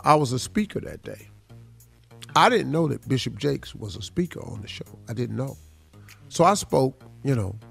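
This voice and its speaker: In a medium-pitched voice that's creaky with a breathy edge, this studio radio morning host tells stories in easygoing chat. His slangy style leans on "dog" and "man," mixing casual banter with motivational talk.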